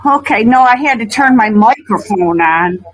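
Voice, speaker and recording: A woman calling into a live broadcast, speaking haltingly while crying. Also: fairly high pitch, lively intonation. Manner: halting, tearful. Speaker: caller.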